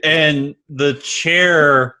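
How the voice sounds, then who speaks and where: A man narrating as dungeon master of a tabletop game, loose and halting, often laughing as he describes scenes. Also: on the high side, fairly even intonation, sharp tone.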